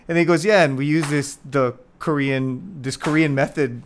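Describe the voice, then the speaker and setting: A man hosting a podcast in Hawaii, introducing his guest in a casual, rambling way and acting out quotes with lively energy. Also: medium pitch, normal speed, hardly any pauses, slight background noise. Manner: rambling, animated retelling with acted-out quotes. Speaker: podcast host.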